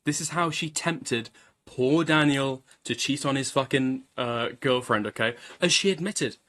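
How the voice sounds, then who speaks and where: A man's voice: medium pitch, unhurried, a bit bright. A man giving crude, profane, mocking reaction commentary, laughing often as he talks.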